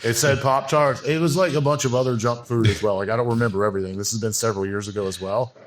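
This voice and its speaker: Here the podcast guest, a bodybuilding coach, talks fast in a steady, mid-range male voice. The casual interview has him spinning a frank, wandering tale thick with fillers and restarts.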